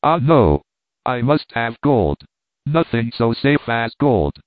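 A man's voice: medium pitch, sing-song, slow pace, no room sound. A man doing a whiny old miser merchant, pleading and greedy, audiobook style, dry tinny sound. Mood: whining. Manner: whining, pleading.

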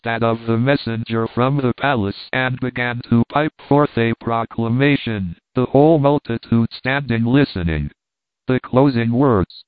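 A man's voice: medium pitch, smooth, no room sound. Man narrating over a tinny line. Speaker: audiobook narrator. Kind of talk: storybook narration. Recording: dry tinny phone-like sound.

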